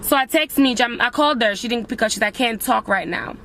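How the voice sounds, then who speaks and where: A woman's voice: fairly high pitch, quick pace, gravelly, sharp tone, slight background noise. A young woman telling viewers about a breakup in an emotional personal vlog, speaking straight to them. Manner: emotional, addresses viewers as guys. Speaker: vlogger.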